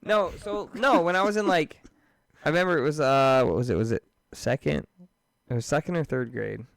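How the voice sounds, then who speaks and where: A man's voice: on the high side, normal speed, creaky, no room sound. Male co-host, mid-thirties, casual storyteller who laughs a lot, dry close mic. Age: 30s. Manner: animated storyteller, laughs often, lots of "like" and "dude". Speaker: podcast co-host. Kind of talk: casual chat.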